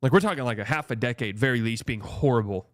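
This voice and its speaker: A man's voice: mid-range voice, quick pace, dry recording. A man hosting a casual sports commentary show, sarcastic and blunt, swearing freely. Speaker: host.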